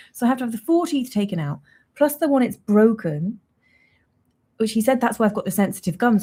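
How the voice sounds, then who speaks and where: A woman's voice: mid-range voice, a little mellow, husky. A young woman hosting a casual livestream, chatting in a rambling, self-mocking way and laughing often. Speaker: livestream host.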